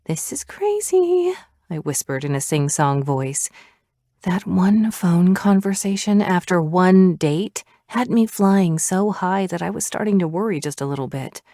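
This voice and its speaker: A woman narrating a first-person romance audiobook in an expressive way, slipping into breathy asides. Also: fairly low pitch, measured pace, no room sound, studio quality.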